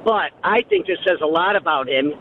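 A man calls a sports radio show and talks in a casual, chummy way. His voice is high and comes through a tinny phone line with a faint hiss behind it. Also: animated, a little fast. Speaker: caller. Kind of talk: phone-in call.

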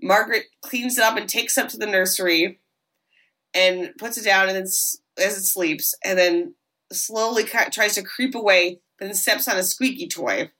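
Bright woman recapping a film. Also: mid-range voice, normal speed. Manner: animated storytelling with swearing and asides. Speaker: podcast host.

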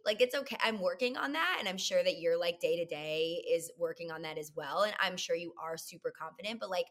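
A woman's voice: lowish voice, brisk, fairly bright tone. A young woman guest on a podcast, bubbly and effusive in casual chat.

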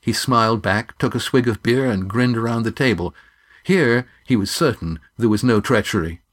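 A man narrating an audiobook in a measured, even reading style. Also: mid-range voice. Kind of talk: scripted narration.

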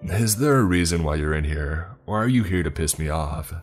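A man's voice: sits low, moderate pace, soft background music, natural voice. A man voicing an amused middle-aged male professor who talks in a dry, challenging, sarcastic way.

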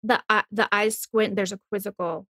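A woman's voice: medium pitch, steady tone, normal speed, a bit bright, no room sound. A woman co-hosting a podcast, chatting enthusiastically and teasing her co-host. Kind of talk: casual rewatch podcast chat.

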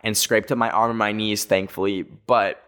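A man's voice: lowish voice, moderate pace, clear, resonant tone. Young guy in his twenties, casual storytime vlog, chatty, rambling, filler-heavy. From Canada. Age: 20s. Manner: rambling, animated, full of filler "like".

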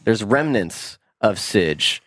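Lowish voice guy reading emails on a podcast, bouncy intonation, dry. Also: big pitch swings, slow pace, a bit bright, dry recording. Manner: wry, playful wordplay. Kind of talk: casual chat.

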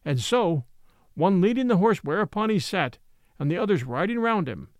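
A man narrating an old adventure tale with expressive delivery. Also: sits high, no room sound, clean studio sound. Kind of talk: scripted storybook narration.

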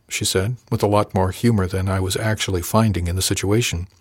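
Low-voiced man narrating a story. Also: steady tone, slightly rough, no room sound, studio quality. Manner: measured, wry storytelling. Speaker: audiobook narrator. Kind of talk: scripted first-person narration.

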